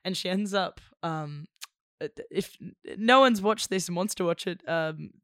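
Casual chat, animated, laughs mid-sentence, middle pitch, dry sound. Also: measured pace, dry recording. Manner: animated, heavy use of "like", laughs while talking.

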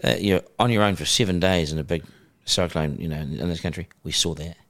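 A middle-aged New Zealand man, a broadcaster, telling stories in a casual, animated way and acting out phone calls. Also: deep voice, fast. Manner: animated, acts out phone calls in character voices. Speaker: broadcaster guest. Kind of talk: casual storytelling.

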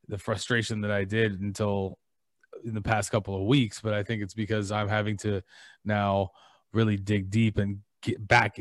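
A man's voice: on the low side, no echo. A man co-hosting a casual podcast, reflective and thinking aloud. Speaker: podcast co-host. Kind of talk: casual chat.

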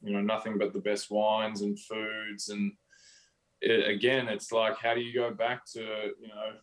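A man's voice: on the low side, completely flat delivery, moderate pace, rough recording. An Australian man as an interview guest, talking casually and rambling with lots of fillers. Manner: rambling, full of "you know" fillers.

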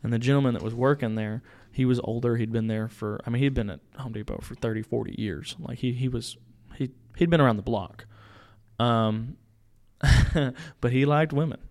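A young man, a podcast co-host, casually telling a story in a small home studio, animated, acting out voices and laughing. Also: medium pitch, normal speed. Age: young adult.

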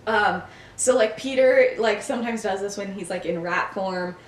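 A woman's voice: mid-range voice, moderate pace. A young woman co-hosting a podcast, casually telling a story in a chatty, giggly way. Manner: chatty, giggly, many fillers. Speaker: podcast co-host. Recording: echoey room.

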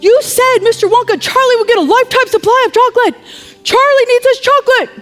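A woman's voice: very high-pitched, quick pace, fairly bright tone, soft background music, pitched above the performer's own voice. Woman doing an indignant old grandpa. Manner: indignant, insistent. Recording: long reverb in a hall.

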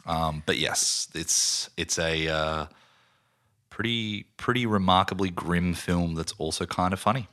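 A man with a very low but bright, forceful voice talks films on a podcast. He is animated and swears casually as he chats with friends. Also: unhurried. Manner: animated, swearing, acts out film lines. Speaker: podcast co-host. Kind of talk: casual film chat.

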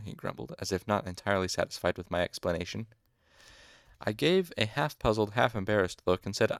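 Male fan audiobook reader, low gravelly voice, dry close sound. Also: normal speed, no echo. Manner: casual asides, mild exasperation at hard names.

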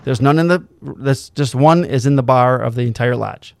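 Animated man telling a story, dry mic. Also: mid-range voice, moderate pace, gravelly, no echo. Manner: animated storyteller, swears freely, acts out quotes. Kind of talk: casual storytelling chat.

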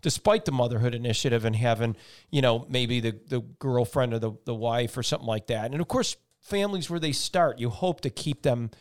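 A man's voice: mid-range voice, a little fast. A middle-aged man hosting a talk show, chatting casually and supportively, rambling with many fillers. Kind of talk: casual interview chat.

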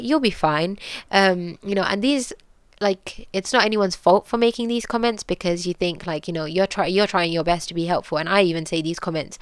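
A woman's voice: fairly low pitch, clear, resonant tone, no room sound. A young woman with a British accent tells a personal story earnestly, with many fillers and restarts. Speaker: podcast guest sharing her story.

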